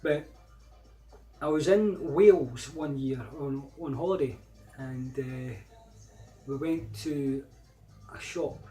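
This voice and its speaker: A man's voice: medium pitch, slow, mellow, faint music behind. A middle-aged Scottish man telling personal anecdotes in a casual, rambling way, growing emphatic when he replays old arguments. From Scotland. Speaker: vlogger.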